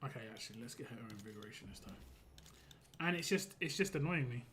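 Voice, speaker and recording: A man's voice: medium pitch, lively intonation, fast, noisy background. A young man chatting casually and rambling while he streams a mobile game, laughing easily as he talks. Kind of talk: casual live-stream chat.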